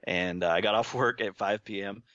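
A man being interviewed, telling his story in a relaxed, self-deprecating way and chuckling often. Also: lowish voice, brisk, no echo, highs cut off. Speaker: interview guest.

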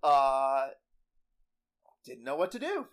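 A man's voice: mid-range voice, sing-song, takes it slowly. A young adult man co-hosting a podcast, chatting casually with frequent laughs, fillers and restarts. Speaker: podcast co-host. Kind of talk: casual chat recapping a TV baking show.

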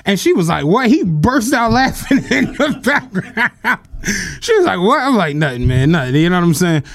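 A man's voice: sits high, moderate pace, vocal fry. A young man co-hosting a podcast, telling a story in casual chat with lots of swearing and laughter. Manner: animated, profane storyteller who laughs through his stories. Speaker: podcast co-host.

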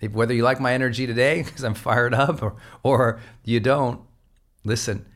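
A man hosting a motivational podcast, energetic and emphatic, moving between loud exhortation and quieter asides. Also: medium pitch, normal speed. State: fired up. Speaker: podcast host. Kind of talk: motivational monologue.

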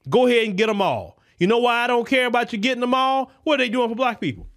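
Man, political commentary podcast, impassioned, high voice. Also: quick pace, a bit bright. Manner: impassioned, repetitive, preacher-like cadence. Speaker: podcast host. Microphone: podcast microphone.

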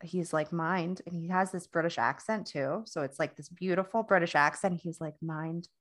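A woman's voice: lowish voice, moderate pace. A young adult woman co-hosting a casual podcast chat, telling a long story with many restarts and quoted dialogue. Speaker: podcast co-host.

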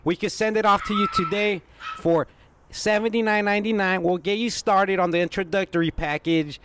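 A man's voice: steady tone, normal speed, background noise, natural voice. A man putting on a chirpy pushy telemarketer. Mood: salesy. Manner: chirpy scripted sales pitch, persistent. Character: pushy upbeat male phone salesman.

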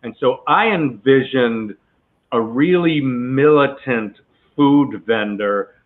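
A man's voice: medium pitch, slow pace. Man telling anecdotes over a phone line. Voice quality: chatty, peppered with asides. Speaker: actor guest telling a story. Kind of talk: relaxed anecdotal interview.

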